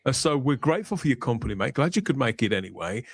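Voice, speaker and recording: A man's voice: medium pitch, very animated, quick pace. A man hosting a casual podcast, leading the talk in a jovial, chatty way. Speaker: podcast host.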